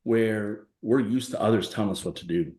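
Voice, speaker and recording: A man's voice: lowish voice, normal speed, dark tone, roomy sound. A man in his forties, a guest in a conversational interview, telling stories emphatically and acting out the voices of people he quotes. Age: 40s.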